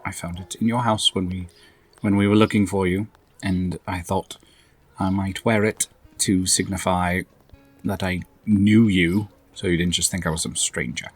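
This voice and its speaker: A man's voice: low-pitched, steady tone, moderate pace, breathy edge, soft background music. A man playing a tabletop game in character, rambling awkwardly and self-deprecatingly. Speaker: player.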